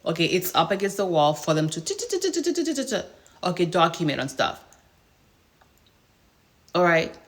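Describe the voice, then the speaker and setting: A woman hospice nurse telling a work story in a casual vlog, in an animated, exasperated way with many rhetorical questions. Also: fairly low pitch, takes it slowly, long pauses.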